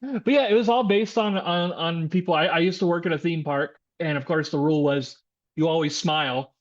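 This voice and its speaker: A man's voice: on the high side, fairly quick, muffled recording. A man who is a voice actor chatting casually on a podcast, loose and laughing easily.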